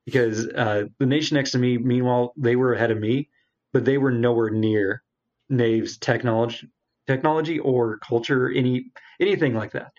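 A man co-hosting a casual gaming podcast tells a long, rambling game story, acting out characters' lines in quotes. His mid-range voice is a little mellow, with fairly even intonation and a moderate pace, and the recording sounds dull and lo-fi.

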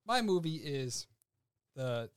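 A man's voice: medium pitch, very animated, slow, noisy background. A man on a podcast, speaking enthusiastically and casually about a favorite movie. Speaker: podcast co-host. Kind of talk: casual chat.

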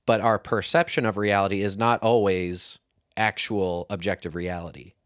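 A man co-hosting a casual faith discussion podcast, speaking in a thoughtful, measured, reflective way. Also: lowish voice, fairly even intonation, fairly bright tone, smooth, no room sound, clean studio sound. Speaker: podcast co-host.

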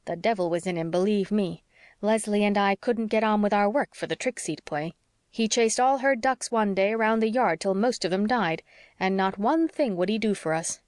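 A woman reading the part of a sharp-tongued older spinster neighbour in an audiobook, blunt and scolding. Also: medium pitch, normal speed, no echo, clean studio sound, natural voice. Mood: scornful.

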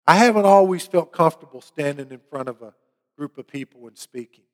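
Earnest preacher in a big hall. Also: male voice, a little high, expressive, brisk. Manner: earnest storytelling, rising to emphatic preaching. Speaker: pastor. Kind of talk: sermon with a personal testimony.

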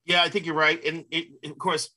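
Male columnist guest from Minnesota, bright tense tone, mid pitch, easygoing with fillers. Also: flat delivery, a little fast, husky. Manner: thoughtful, many fillers like "you know". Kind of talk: casual interview.

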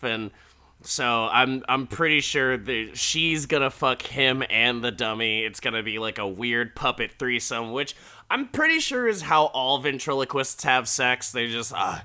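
Chatty man with a bright edgy voice. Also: medium pitch, normal speed, clear, resonant tone. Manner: chatty, laughing, crude asides. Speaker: podcast host recapping an episode. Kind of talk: casual comedic recap.

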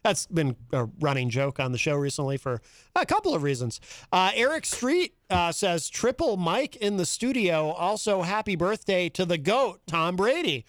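A man hosts a radio talk show with a fairly high, light voice. He reads listener chat messages aloud in an easy, chuckling way. The studio mic is close and dry. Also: sing-song, normal speed, a bit bright, dry recording.

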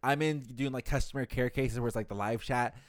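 A man chatting casually with friends, rambling and swearing, with loud laughs. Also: mid-range voice, steady tone, fairly quick, no echo, studio quality. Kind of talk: casual chat among friends.

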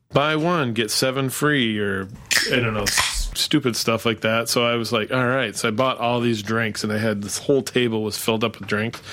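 A man's voice: mid-range voice, sharp tone. A man hosting a casual podcast chat, rambling through a story with lots of restarts and chuckling as he goes. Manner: rambling, full of fillers and restarts, laughs while telling. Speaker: podcast host.

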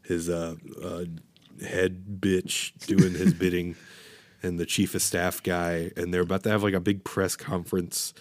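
A man's voice: deep voice, flat delivery, a little slow, darkish tone, no room sound. A man on a podcast recapping a movie plot in a loose, profane, laughing way. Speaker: podcast co-host. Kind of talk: casual film chat.

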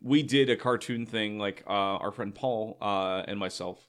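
A man's voice: on the low side, a little slow. A man co-hosting a podcast, talking in a loose, rambling way with many fillers. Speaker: podcast co-host. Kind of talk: casual chat.

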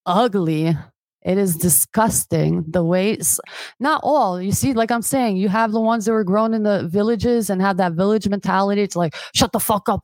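A woman's voice: darkish tone, dry recording. A woman guest on a podcast chatting casually, swearing freely and acting out quoted voices, with Albanian as her first language. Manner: chatty, swearing, acts out quoted voices with big pitch jumps. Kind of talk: casual chat.

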